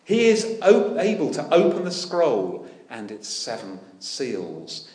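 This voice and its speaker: A man preaching a sermon, animated and full of rhetorical questions with dry humour. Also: mid-range voice, slow, roomy sound. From United Kingdom. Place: church.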